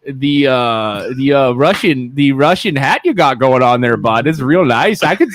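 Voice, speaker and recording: A man's voice: mid-range voice, animated, fairly bright tone, dry recording. A man putting on a folksy, friendly Canadian man with a Canadian accent. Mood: jovial. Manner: drawn-out folksy "bud" talk.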